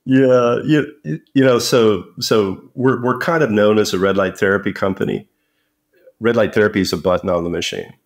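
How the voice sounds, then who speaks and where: A man's voice: fairly low pitch, moderate pace. A man as an interview guest, telling stories casually and often repeating words. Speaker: company founder guest. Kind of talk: conversational interview.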